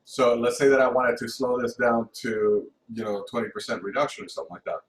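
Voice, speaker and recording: Casual male music teacher, halting delivery, counts beats out loud; distant mic with room echo and faint hum. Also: mid-range voice, fairly even intonation. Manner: halting, lots of restarts and counting aloud. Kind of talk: informal recorded lesson.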